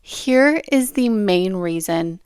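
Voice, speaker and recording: A woman hosting a solo advice podcast, talking straight to the listener in a sassy, animated way and calling her "girl". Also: medium pitch, slow, clear, resonant tone, no room sound, studio quality. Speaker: podcast host. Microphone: phone or camera on charger.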